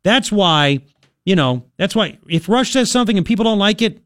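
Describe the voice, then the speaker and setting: A man's voice: sits high, expressive, moderate pace, fairly bright tone, no room sound. A man hosting a talk radio show, ranting bluntly and with exasperation in studio commentary.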